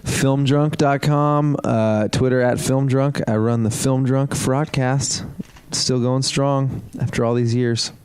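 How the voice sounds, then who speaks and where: A man's voice: medium pitch, fairly even intonation, slow pace, hardly any pauses, a little mellow, clear, resonant tone. A man co-hosting a comedy podcast, rambling with crude jokes. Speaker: film writer guest host. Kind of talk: casual comedy podcast banter.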